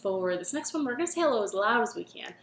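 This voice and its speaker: A woman hosting a children's storytime from her living room, speaking gently and encouragingly and singing with a ukulele. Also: medium pitch, lively intonation, fast talker, roomy sound, slight background noise.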